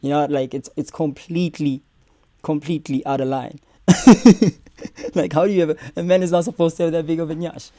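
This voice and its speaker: A man's voice: fairly high pitch, fairly even intonation, a little fast, dark tone, no echo. A young man, hosting a casual reaction stream and cursing and joking as he talks back at clips.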